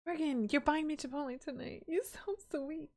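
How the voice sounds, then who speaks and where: A woman with a high-sitting voice streams a video game at a moderate pace, chatting casually with her audience. She's giggly and teasing, answering messages from chat as she goes.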